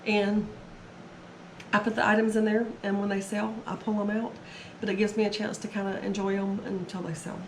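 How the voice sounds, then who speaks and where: Talking fairly quickly in a level, medium-pitched voice, a reseller vlogger chats and rambles through her resale haul. Her voice is a little strained because she's recovering from being sick. The room is echoey, with faint ambience and background noise.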